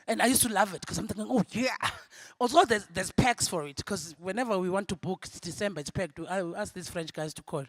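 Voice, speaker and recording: Lively South African woman doing stand-up. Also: mid-range voice, fairly quick, no echo, studio quality. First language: Zulu. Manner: lively, laughs often, swings between loud punchlines and hushed asides. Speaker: stand-up comedian. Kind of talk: stand-up comedy set. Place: convention ballroom.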